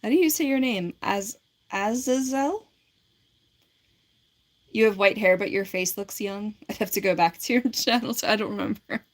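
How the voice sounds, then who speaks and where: A woman's voice: mid-range voice, brisk, hardly any pauses. Giggly woman in her forties chatting. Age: 40s. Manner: rambling and giggly, lots of "like" fillers. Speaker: livestreamer. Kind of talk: casual livestream chat, answering viewer comments.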